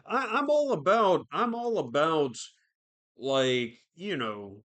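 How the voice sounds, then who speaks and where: A man with a fairly high, fairly bright voice speaks slowly but animatedly. Hosting a podcast solo, he rambles through casual commentary, swearing constantly and filling his talk with fillers.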